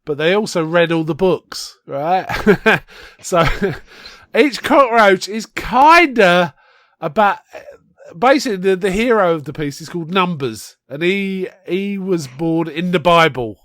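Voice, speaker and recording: A man's voice: high-pitched, animated, measured pace, fairly bright tone, no room sound, clean studio sound. A man co-hosting a podcast, chatting casually and rambling through his explanations with a laugh here and there. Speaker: podcast co-host. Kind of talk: casual chat.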